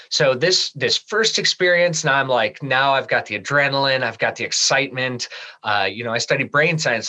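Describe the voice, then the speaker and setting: A man's voice: medium pitch, bright, forceful tone, low-quality recording. A man in a podcast interview, telling a personal story and acting out his own past remarks with animation, then turning sincere and reflective. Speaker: guest.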